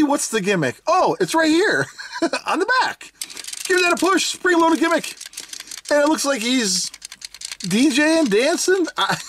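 Giggly, excited toy reviewer with a bouncy voice. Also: medium pitch, slight background noise. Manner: giggly, enthusiastic, chatty; thinks aloud, unsure asides. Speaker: toy reviewer, channel host. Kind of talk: casual unboxing review.

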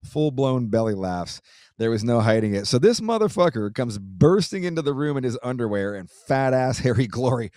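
A podcast host with a mid-range, darkish voice talks at normal speed but very animatedly, recorded dry with clean studio sound. He chats casually and reads a listener's letter, loose and profane, laughing easily and restarting often.

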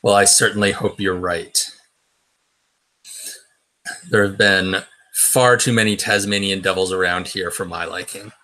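A man voicing a worried wombat with a deep, rumbly voice and a hushed, fretful way of talking. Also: steady tone, unhurried, pauses often. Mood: wary.

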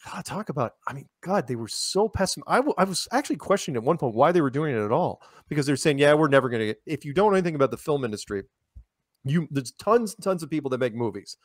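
A man telling stories as an interview guest, animated, laughing often and restarting his sentences. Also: fairly high pitch, fast talker, no echo, clean studio sound. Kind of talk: casual storytelling conversation.

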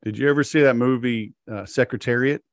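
A man's voice: mid-range voice, fairly quick, no echo. A man hosting a podcast, telling a story in casual chat with many fillers and restarts. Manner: acts out quoted characters in a sharply raised voice. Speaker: podcast host.

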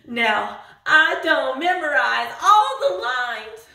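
A woman's voice: sits high, big pitch swings, slow, creaky, pushed and bright, reverberant, distant mic, voice pushed down, heavily acted. A woman doing a mocking impression of a real activist in a parody monologue, drawling with sing-song fake crying and lots of "y'all.". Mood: smug boasting. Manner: drawling, says y'all a lot.

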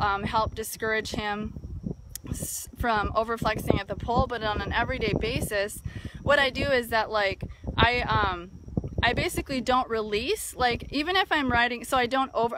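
A woman hosting a live video about horse training, talking casually with many fillers, outdoors near a barn with a phone. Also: on the high side. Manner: thoughtful, many fillers and restarts. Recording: faint wind noise outdoors. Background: wind noise.

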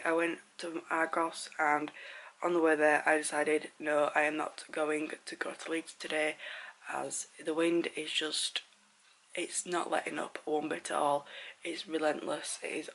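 A woman chatting casually in a vlog at home, croaky with her morning voice, rambling and often talking in a hushed half-whisper. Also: low-pitched, a little hiss or hum, poor audio. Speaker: vlogger. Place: at home, indoors.

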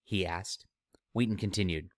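A man's voice: low-pitched, steady tone, moderate pace, dry recording, studio quality. A man hosting his own channel, giving opinionated commentary with sneering, mocking asides. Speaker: channel host, author.

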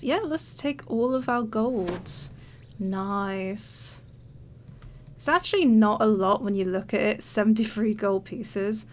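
A woman casually commentating her own gameplay, chatty and giggly with plenty of self-mocking asides. She talks straight to her viewers over faint background noise. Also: medium pitch. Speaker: let's play host.

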